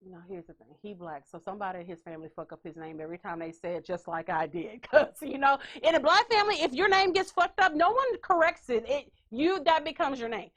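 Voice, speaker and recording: Woman host, high and lively, loud playful storyteller. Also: quick pace, hardly any pauses. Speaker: podcast host. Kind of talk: casual chat.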